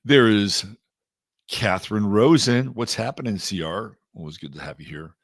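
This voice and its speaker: A middle-aged man from Texas with a low voice runs a casual livestream, reading off items and greeting his viewers one by one by name. His chatty, easygoing talk is recorded dry and close, with no room echo. The whole stream feels loose and unhurried. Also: animated. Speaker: astrology livestream host.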